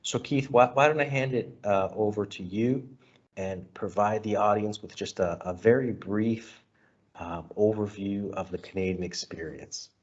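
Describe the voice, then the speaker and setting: A man's voice: lowish voice, normal speed. A man hosting a webinar as an immigration consultant, hesitant with fillers. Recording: dull lo-fi audio.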